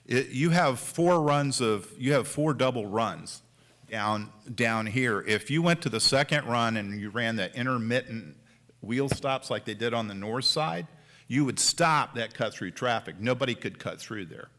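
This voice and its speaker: A man's voice: medium pitch, measured pace, fairly bright tone. A man chairing a city planning board meeting, talking casually and acting out what drivers might say. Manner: chatty, acts out quoted drivers. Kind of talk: public meeting discussion. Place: city council chamber.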